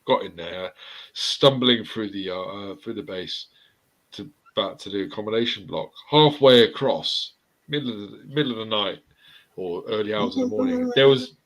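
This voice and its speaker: A man's voice: fairly low pitch, very animated, normal speed, a bit bright, poor audio. A man telling rowdy anecdotes in a casual chat, swearing freely.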